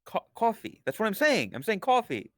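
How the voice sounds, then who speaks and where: A woman's voice: medium pitch, huge pitch swings, moderate pace, fairly bright tone. A woman streamer hosting a casual live chat, teasing her guest in playful banter. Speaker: streamer host.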